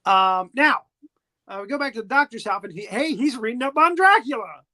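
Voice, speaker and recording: A man's voice: extremely high pitch, lively intonation, brisk, sharp tone. A man hosting a podcast, recapping an old film in a chatty, playful way with frequent giggles. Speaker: podcast host.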